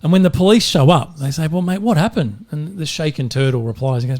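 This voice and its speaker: A middle-aged Australian man with a voice a bit higher than most men's, rambling through dad jokes with lots of ums. He talks in a casual podcast chat. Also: fast talker, a little mellow, a little hiss or hum. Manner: jokey, rambling with fillers. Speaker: podcast co-host.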